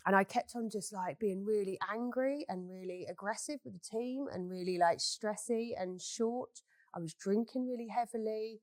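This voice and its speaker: A woman who owns a beauty business tells stories in a candid chat, speaking bluntly and swearing freely. Her voice is mid-range and her pace moderate, in a dry recording.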